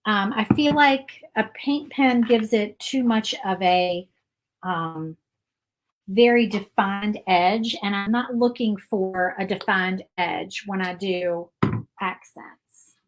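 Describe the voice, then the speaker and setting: A woman hosts a relaxed craft painting tutorial. Her voice sits at an ordinary mid pitch. She talks in a loose, rambling way, thinking out loud and filling pauses with little asides. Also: rough recording. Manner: chatty and rambling, thinks aloud with fillers and asides. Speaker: craft channel host. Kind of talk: casual painting tutorial chat.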